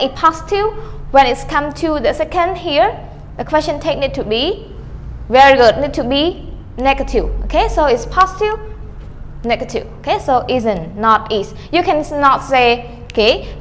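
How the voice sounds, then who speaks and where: Animated and moderately paced, a high-voiced woman gives an online grammar lesson, dropping "okay" everywhere, naming herself teacher, and performing question tags with rising and falling tones. The sound is big-room with a little background noise.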